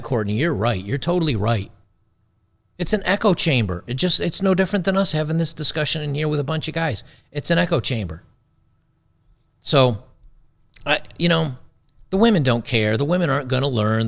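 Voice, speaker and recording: A man's voice: on the high side, a little fast, gravelly, a bit bright. A man hosting a talk show, giving blunt, sarcastic, rambling commentary on a video clip. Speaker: show host.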